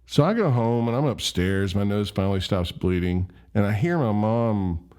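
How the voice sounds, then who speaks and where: A man's voice: on the low side, lively intonation, moderate pace, dark tone. A man casually telling a rambling, self-deprecating story. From Memphis, USA. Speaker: vlogger.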